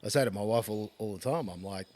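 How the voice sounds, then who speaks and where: A man's voice: lowish voice, quick pace, a little mellow. An Australian man hosting a casual interview, encouraging his guest and calling him mate. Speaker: podcast host.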